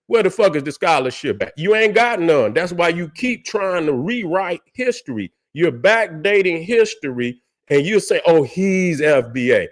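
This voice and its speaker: A man rants on a livestream. He is heated and profane, repeats his points and keeps firing rhetorical questions at his listeners. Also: high voice. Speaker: livestream host. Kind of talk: heated casual rant.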